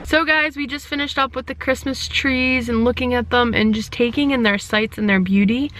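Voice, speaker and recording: A woman's voice: on the high side, moderate pace, a bit bright, a little hiss or hum. A woman chatting casually to her vlog camera, a chatty, rambling talker who leans on fillers, filmed on a handheld camera. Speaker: family vlogger.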